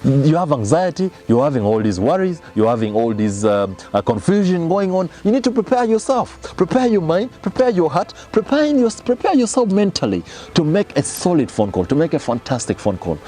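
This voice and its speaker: A man's voice: fairly high pitch, sing-song, a little fast, few pauses, dark tone. Emphatic man coaching sales. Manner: emphatic, repeats key phrases, addresses audience directly. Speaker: sales trainer. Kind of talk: motivational sales talk.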